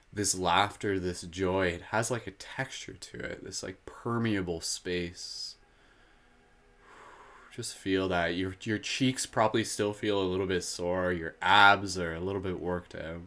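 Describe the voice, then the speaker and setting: A man hosting a live guided meditation, slow and soothing when guiding, giggly and playful between exercises. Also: deep voice, fairly bright tone. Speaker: meditation host.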